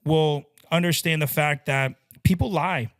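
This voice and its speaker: A man co-hosting a casual podcast as a loan officer, explaining loan terms in quick lists and acting out the people in his stories. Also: on the high side. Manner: animated, acts out quoted people mid-story.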